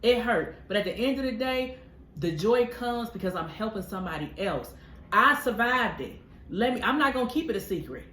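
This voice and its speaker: A woman's voice: on the high side, lively intonation, moderate pace, bright, forceful tone. A woman co-hosting a podcast, talking in a casual, heartfelt way, emphatic and preacherly, calling listeners "honey". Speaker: podcast co-host. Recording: echoey room with faint noise.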